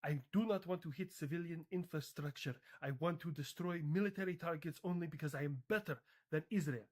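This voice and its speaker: A man voicing a boastful, threatening male national leader in a put-on foreign accent, speaking in halting, stilted sentences. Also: fairly high pitch, a little mellow, natural voice.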